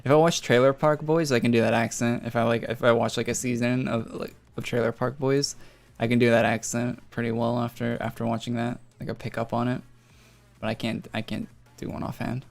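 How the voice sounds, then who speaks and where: This is a young man from northern Alberta, Canada, swearing casually and rambling in a live-stream gaming chat. His mid-range voice is gravelly, delivered flatly and fairly quickly, over faint background music.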